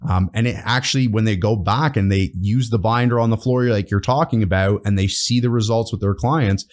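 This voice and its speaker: A man's voice: on the low side, brisk. A man who founded a training course, talking earnestly as a podcast guest and often checking in with "right?". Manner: earnest, explains with frequent "right?" tags. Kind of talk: casual interview chat.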